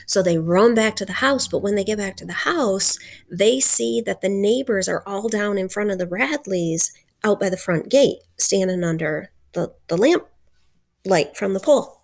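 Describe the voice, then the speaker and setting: A woman teacher retells a chapter for her class in a loose, chatty way. She fills her talk with "um" and "like" and slips into acting out dialogue, at a middling pitch. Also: moderate pace. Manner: chatty, full of fillers, acts out dialogue. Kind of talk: retelling and explaining a novel chapter.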